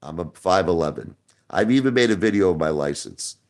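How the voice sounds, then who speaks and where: Deep-voiced man talking defensively to viewers. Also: expressive, a little fast. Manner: defensive, repeats words and restarts. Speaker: online show host. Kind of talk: casual livestream talk to viewers.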